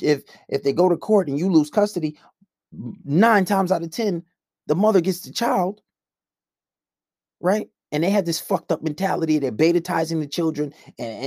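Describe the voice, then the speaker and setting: A male coach in a blunt, combative rant, swearing constantly. His voice is dark and mellow. The sound is dry and close. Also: fairly high pitch, no room sound. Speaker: men's coach. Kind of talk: profane ranting monologue.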